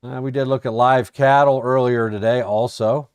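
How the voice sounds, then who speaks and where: A man's voice: mid-range voice, fairly even intonation, moderate pace, clean tone, no echo. An American man giving a casual, folksy live-stream recap of his trading day, joking and thinking aloud as he looks over charts. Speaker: trading educator.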